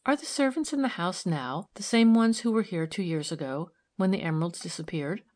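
A woman voicing a kind young female investigator who asks gentle, probing questions in an audiobook. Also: lowish voice, expressive, a little fast, close to an everyday voice. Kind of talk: audiobook character reading.

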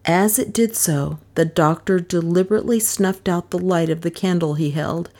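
A woman reading a mystery novel aloud, expressive and rising in pitch at tense moments. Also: moderate pace. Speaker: audiobook narrator. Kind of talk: dramatic audiobook narration.

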